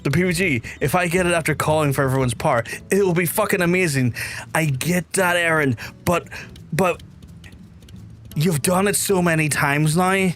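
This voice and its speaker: A man from Belfast with a softened Belfast accent, streaming a game and chatting casually with viewers in a rambling way, repeating phrases and swearing now and then. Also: on the high side, slight background noise. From Belfast, Northern Ireland. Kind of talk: casual livestream chat with viewers.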